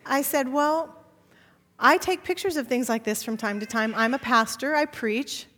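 Woman pastor, high voice, lively sermon storyteller, church reverb. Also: normal speed. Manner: animated storytelling, acting out dialogue. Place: church sanctuary. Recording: long church hall reverb.

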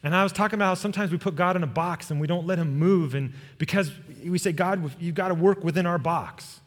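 A man's voice: high voice, fast. Middle-aged male pastor, sermon delivery, storytelling into prayer, long church reverb. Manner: storytelling with quoted voices, closing in soft prayer.

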